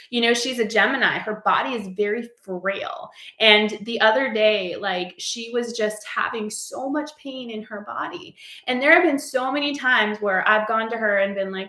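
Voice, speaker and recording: A woman with a somewhat high, slightly bright voice shares a heartfelt spiritual message, casual and earnest and full of "like." She's a spiritual coach, recorded in an echoey room.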